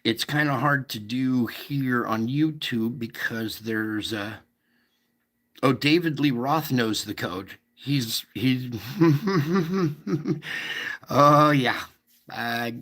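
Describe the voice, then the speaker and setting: Slow, gravelly man explaining. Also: mid-range voice, a bit bright. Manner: rambling, restarts, frequent checks with listeners. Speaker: livestream host. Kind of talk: casual livestream explanation.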